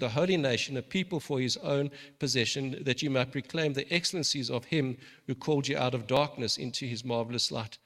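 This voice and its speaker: A man's voice: a little high, fairly bright tone. A man preaching a sermon in an earnest way, often restarting and repeating words. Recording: long reverb of a large hall.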